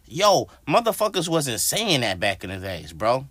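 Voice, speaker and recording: A man's voice: medium pitch, normal speed, no echo. A man hosting his own podcast, ranting casually and profanely to his listeners. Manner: profane, animated, addresses listeners directly. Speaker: podcast host. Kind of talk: casual solo podcast rant.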